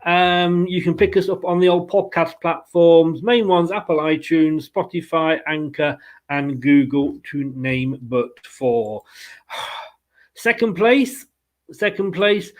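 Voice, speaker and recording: A man hosting a casual post-match football fan podcast, chatty and rambling with fillers and playful asides. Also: high-pitched.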